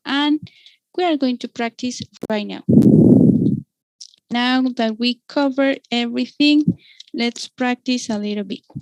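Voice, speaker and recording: A woman's voice: on the high side, a little mellow, no room sound, low-quality recording. A woman with a Mexican Spanish accent teaching an online English class, patiently explaining grammar and checking in with "okay?" after each point.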